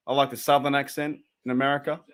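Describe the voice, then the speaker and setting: A young Australian man chatting casually and laid-back on a live stream, laughing often and reacting loudly to the plays. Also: mid-range voice, level tone, fast, smooth. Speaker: watch party streamer.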